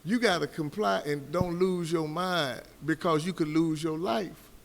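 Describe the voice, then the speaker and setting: A man's voice: on the high side, steady tone, measured pace, gravelly. A man on a discussion panel, telling stories and making his point in an emphatic, preacherly way. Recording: hall reverb with faint background noise.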